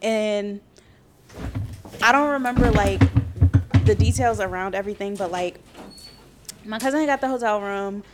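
A young adult woman in casual chat, telling her own story in a relaxed, laid-back way. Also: medium pitch, measured pace, long pauses, heavy background noise.

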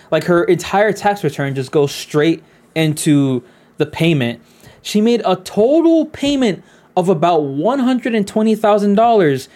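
A man's voice: fairly high pitch, a little mellow. A man co-hosting a podcast in casual chat, telling stories laid-back with some swearing. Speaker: podcast co-host.

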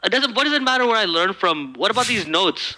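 A man's voice: high voice, expressive, quick pace, sharp tone, full character voice, poor audio. A man with an American accent voicing an exasperated bank customer in a radio prank call sketch, incredulous throughout.

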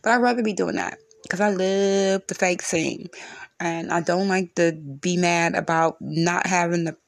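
A woman's voice: lowish voice, fairly even intonation, a little slow, vocal fry, dry recording, studio quality. A woman hosting her own solo podcast from her room at home, venting bluntly and cursing often in a frustrated rant. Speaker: podcast host.

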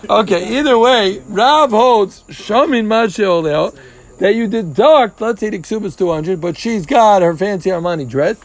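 A man with a high, gravelly voice leads a relaxed Talmud class. He explains each step patiently, drops Hebrew and Aramaic terms into his English and jokes with the students. The recording picks up the group around him. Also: normal speed. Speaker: Talmud teacher. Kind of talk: casual Gemara class.

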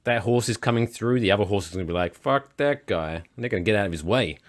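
A man's voice: on the low side, fast. A man in his thirties chatting casually on a podcast, playful and jokey. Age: 30s.

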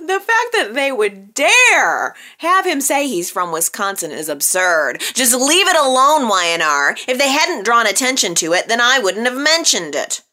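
Animated, bright-voiced woman chatting slowly. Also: medium pitch. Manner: chatty and playful, laughs often at her own jokes. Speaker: soap opera recap host. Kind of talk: casual chat.

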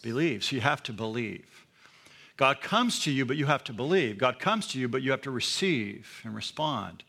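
A man's voice: medium pitch, animated, moderate pace, creaky, pushed and bright. A man preaching a sermon in a church, emphatic and asking the congregation questions. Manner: emphatic, with call-and-response questions. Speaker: pastor.

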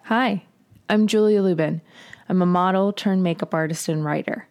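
A woman's voice: on the low side, normal speed, a little mellow. A woman hosting her own podcast in a chatty, upbeat monologue, recorded while traveling away from a studio. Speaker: podcast host.

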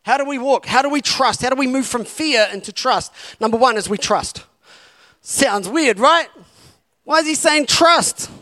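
Male pastor, high-pitched, preaching an impassioned sermon full of repeated exhortations. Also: moderate pace, pushed and bright. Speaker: campus pastor.

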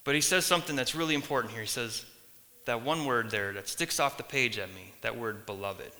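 A man preaching a sermon as a pastor, earnest and emphatic, building points through long lists and pauses. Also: mid-range voice, sharp tone. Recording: long reverb of a hall.

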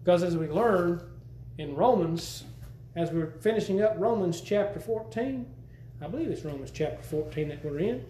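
High-voiced preacher in an echoey room. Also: male voice, a little mellow, slight background noise. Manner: folksy and emphatic, repeats words while teaching. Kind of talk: sermon. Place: church. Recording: roomy church echo.

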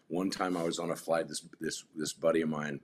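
Very deep-voiced man telling rambling stories. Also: flat delivery, fairly quick, a little hiss or hum. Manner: rambling anecdotes with many restarts. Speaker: guest. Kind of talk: casual storytelling chat.

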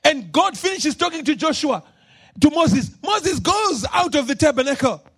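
A man preaching a sermon as pastor, moving between shouted, drawn-out lines and low, quiet asides. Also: sing-song.

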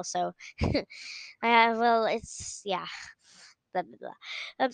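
Woman host, rambling and giggly, smooth voice, dry close sound. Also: on the high side, very animated, measured pace, a bit bright, no room sound, rough recording. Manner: giggly, trails off with "blah, blah, blah". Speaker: podcast host. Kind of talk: casual rambling chat.

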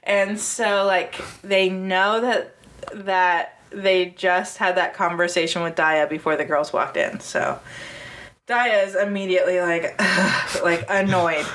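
A woman casually chatting as podcast co-host, telling a story with lively acted-out quotes, frequent laughter and swearing. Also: on the low side, takes it slowly. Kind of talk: casual chat recapping a TV episode.

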